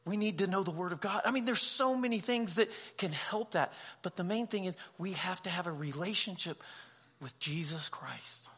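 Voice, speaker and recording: Male pastor, lively conversational sermon, bright voice, acts out dialogue. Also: sits high, normal speed, breathy edge. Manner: humorous asides.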